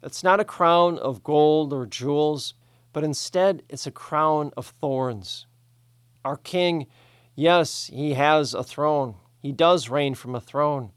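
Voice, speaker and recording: A man preaching a sermon in a slow, measured, deliberate way. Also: on the high side, smooth, dry recording, studio quality.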